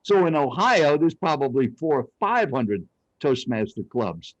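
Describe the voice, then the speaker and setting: A man's voice: medium pitch, a little slow, dry recording, highs cut off. An older man, a speech coach, telling dramatic personal stories as an interview guest. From Arizona, United States. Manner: animated, dramatic storyteller. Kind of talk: storytelling interview.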